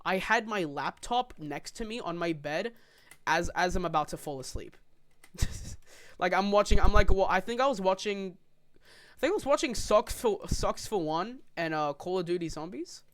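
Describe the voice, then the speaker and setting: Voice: medium pitch, animated, normal speed. A young person casually rambling through a story on a podcast, swearing freely and laughing along. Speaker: podcast co-host.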